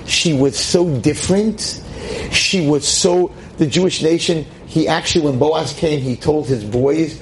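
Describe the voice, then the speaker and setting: A man teaching a lively class to a seated audience as a rabbi, emphatic and exclamatory. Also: measured pace, slight background noise, poor audio. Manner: emphatic, exclamatory, with sudden swings in pitch.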